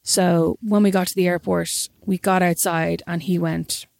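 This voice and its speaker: A woman's voice: on the low side, little pitch movement, measured pace, creaky, a little mellow, no room sound. A young Irish woman, a podcast co-host, telling a story in casual chat and acting out the quotes.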